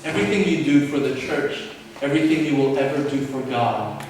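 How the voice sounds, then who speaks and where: A man preaching a sermon as pastor, passionate and swinging between loud and hushed. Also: mid-range voice, animated, brisk. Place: church sanctuary. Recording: echoey hall from far off, faint noise.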